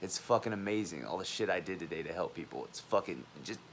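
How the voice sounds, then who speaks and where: A man's voice: deep voice, expressive, quick pace, a little hiss or hum. A man in his twenties, a college student, talking straight to camera in a heated, rambling, profane monologue. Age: 20s.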